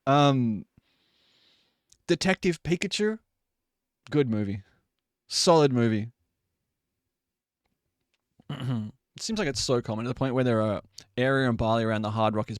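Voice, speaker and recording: A man's voice: mid-range voice, moderate pace, pauses often, no room sound, clean studio sound. A man in his late twenties or thirties, a streamer chatting casually with his live chat and laughing often. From Australia.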